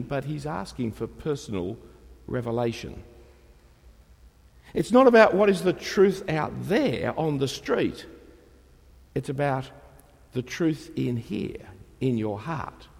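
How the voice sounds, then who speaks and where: A man delivers a sermon with a husky, gravelly voice that swings widely in pitch. He presses his points with rhetorical questions to the congregation. The sound carries the long reverb of a large church. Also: a little mellow. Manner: rhetorical, emphatic, asks questions of the listeners. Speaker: preacher.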